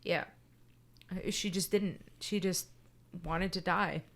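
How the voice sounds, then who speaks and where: A woman's voice: fairly low pitch, fairly even intonation, slow. A woman in casual podcast chat, telling a personal story bluntly, swearing often and checking in with "right?". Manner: emphatic and candid.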